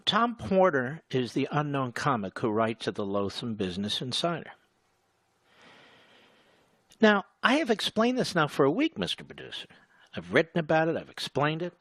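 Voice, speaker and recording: A man's voice: on the high side, very animated, fairly bright tone, no echo. A middle-aged man hosts a talk radio show with a combative, sarcastic edge. He drags his words out to make a point and jeers at his targets. The studio sound is close and dry. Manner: sarcastic, mocking, slows to spell things out. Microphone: studio microphone.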